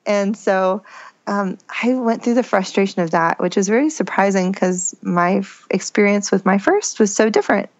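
A woman's voice: mid-range voice, moderate pace, no echo. Young woman, chatty storyteller, dull dry mic. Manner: chatty, emotional, many fillers and "I was like" quotes. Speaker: podcast guest telling her birth story. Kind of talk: casual storytelling.

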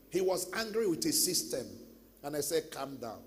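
A man with a Nigerian accent preaching a sermon as pastor, telling stories and breaking into shouts. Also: a little high, sing-song, moderate pace, slight background noise. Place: large church hall. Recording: long church hall reverb.

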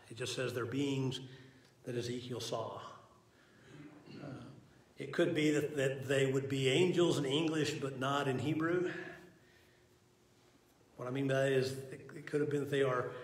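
Male Bible teacher, mid-pitched, folksy and earnest; recorded at a distance with a long hall reverb. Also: normal speed, long pauses. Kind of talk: conversational Bible lesson. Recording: echoey hall from far off.

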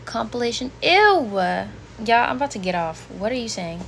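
A woman's voice: medium pitch, moderate pace, a little hiss or hum. A woman in her twenties on a casual home livestream, reading chat comments aloud and reacting bluntly. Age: 20s. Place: bedroom at home.

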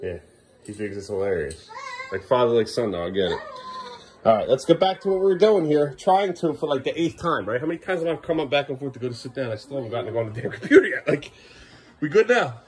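A man's voice: medium pitch, expressive, fast talker. A man filming his kids at home in a casual vlog, exasperated and half-laughing as he talks to them. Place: family home.

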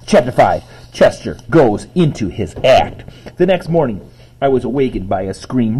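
A man reading a children's book aloud, pausing to explain words to his listeners. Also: mid-range voice, lively intonation, warm tone, slightly rough, low-quality recording. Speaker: reader to children.

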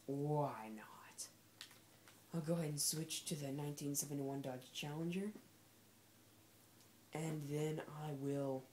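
Low-pitched and warm, a woman's voice comes through with slight background noise as she sarcastically and casually commentates on a racing game. She talks back at its characters as she plays.

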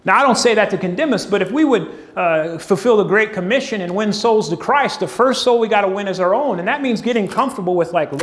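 A man's voice: high-pitched, animated, quick pace, hardly any pauses. A man preaching a conversational sermon, acting out quoted voices as he goes.

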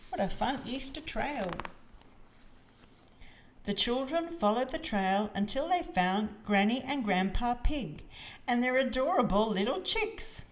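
A woman's voice: a little high, a little slow. A woman reading a picture book aloud to children. Her voice sings up and down expressively as she tells the story. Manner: expressive, sing-song reading.

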